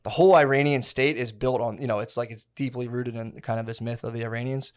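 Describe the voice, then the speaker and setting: A man's voice: mid-range voice, steady tone, fast talker, clean tone. A man in his thirties co-hosting a casual podcast, telling a long history story with slang, swearing and many restarts. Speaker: podcast co-host.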